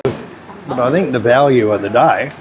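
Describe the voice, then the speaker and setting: A man's voice: mid-range voice, unhurried, a crowd in the background. A man with an Australian accent, chatting casually as a food vlogger about a local cafe. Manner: relaxed, chatty, laid-back. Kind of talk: casual vlog narration. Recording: noisy cafe background.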